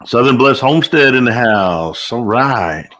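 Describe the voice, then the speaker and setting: A man's voice: medium pitch, lively intonation, measured pace, a bit bright. An older man hosting a casual live stream, greeting viewers by name in an upbeat way with the odd whoop. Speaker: livestream host.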